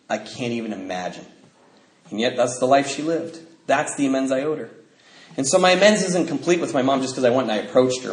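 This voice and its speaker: A middle-aged American man telling his recovery story to a meeting, acting out voices and laughing often. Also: medium pitch. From United States. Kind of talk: personal testimony talk. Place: convention hall. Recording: roomy hall sound, faint noise.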